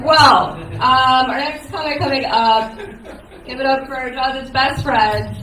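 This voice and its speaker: A woman's voice: high-pitched, a little slow, far from the mic. A woman hosting a comedy show, joking crudely and giggling, in a crowded cafe. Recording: echoey room, taped from afar, crowd noise.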